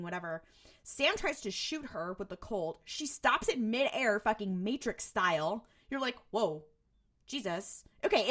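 Woman podcast co-host, animated storyteller, bright and fairly high voice. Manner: animated, acts out characters, laughs often. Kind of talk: casual recap chat.

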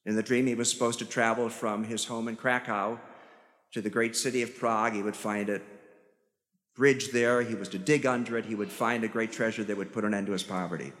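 A priest with a Chicago accent preaching a sermon, telling stories with self-deprecating humor. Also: male voice, fairly low pitch, fairly even intonation, fairly quick, fairly bright tone. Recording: church hall reverb.

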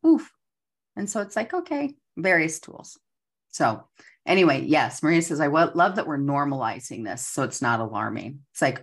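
A woman's voice: sits low, fairly bright tone. A woman in her forties hosting a motivational talk, acting out her own inner voices. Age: 40s. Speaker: host.

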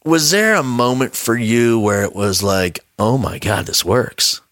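A man's voice: mid-range voice, lively intonation, a little slow, a bit bright, no echo, clean studio sound. A man hosting a casual podcast, telling a laid-back story with frequent chuckles.

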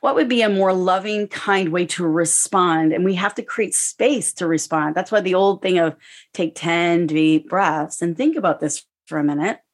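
Woman guest, conversational, animated storyteller who quotes her own thinking. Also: on the low side, normal speed. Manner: animated, acts out inner dialogue in quotes. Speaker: guest speaker on stress. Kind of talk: casual podcast conversation.

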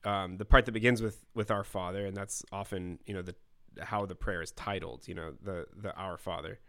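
A man's voice: low voice, steady tone, fairly quick, pushed and bright, dry recording. A male host chatting casually, with hesitant, filler-heavy phrasing. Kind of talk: casual chat.

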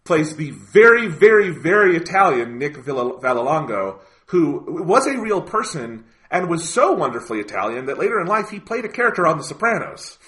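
Bright-voiced man chatting on a podcast. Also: on the high side, brisk, hardly any pauses. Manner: animated, swears freely, lots of "like" and "you know". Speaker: podcast co-host. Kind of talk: casual chat.

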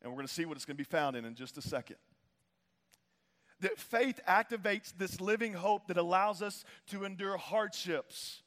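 A man's voice: high voice, normal speed, fairly bright tone, in a large hall. A male pastor preaching a sermon in a casual, slangy way, repeating phrases for emphasis.

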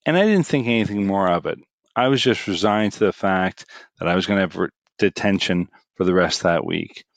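A middle-aged man telling a personal story in a casual, animated way, his voice rising for the punchlines. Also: low-pitched, fairly quick, dry recording.

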